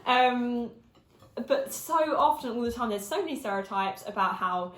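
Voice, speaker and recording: A woman's voice: on the high side, animated, normal speed. A twenty-year-old English woman from Essex, hosting a casual chat while eating and laughing often. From Essex, England. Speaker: YouTube host. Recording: roomy echo.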